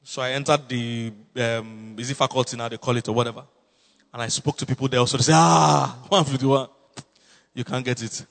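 A man with a Nigerian accent, a pastor telling a story in a sermon, swinging between low asides and loud exclamations. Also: steady tone, a little fast, gravelly. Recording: long hall reverb.

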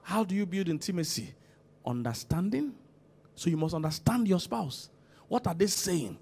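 A man preaching as senior pastor in a church, swinging from loud calls to quiet emphasis and asking the congregation to respond. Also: sits high, lively intonation, moderate pace, husky. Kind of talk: sermon.

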